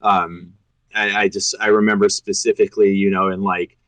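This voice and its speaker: A man's voice: lowish voice, level tone, normal speed, fairly bright tone, no room sound, rough recording. A man in his thirties, a guest voice actor chatting earnestly on a podcast and laughing easily. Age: 30s. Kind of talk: casual podcast chat.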